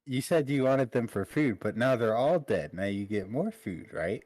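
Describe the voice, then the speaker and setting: A man's voice: medium pitch, animated, normal speed, a little mellow, no room sound. A man playing a tabletop game in character, explaining himself earnestly and naively. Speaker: player. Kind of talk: casual in-character role-play.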